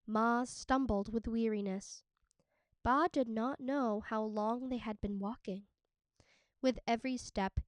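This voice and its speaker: Female teacher, audiobook read-aloud, slow and crisp, dry close sound. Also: fairly high pitch, dry recording. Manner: steady, clear storytelling.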